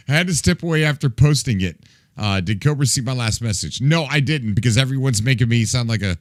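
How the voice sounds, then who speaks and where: A man livestreams and chats loosely with viewers, his pitch bouncing all over and his pace a little fast. He laughs a lot, makes goofy sound effects and acts mock-exasperated with the chat. The sound is close and dry, with no room at all.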